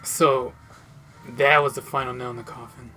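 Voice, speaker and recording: A young man chatting casually over a game, telling an animated, profane story and laughing often. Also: mid-range voice, moderate pace, faint music behind. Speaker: gameplay commentator. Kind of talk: casual let's-play chat.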